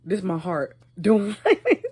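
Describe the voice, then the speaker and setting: A young adult woman telling a casual, animated storytime, laughing as she goes. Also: medium pitch, measured pace, slightly rough. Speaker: vlogger.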